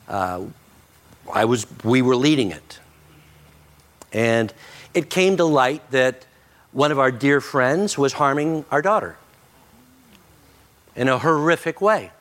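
A middle-aged man preaches a sermon with earnest conviction. He often drops his voice low and slows down to press a point home. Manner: earnest preaching that drops soft and slow for emphasis. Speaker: pastor.

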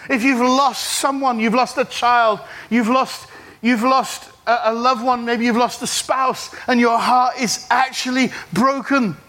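A middle-aged man preaching a sermon to a church congregation, animated and humorous, with call-and-response. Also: extremely high pitch, a little slow. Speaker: pastor. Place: church service.

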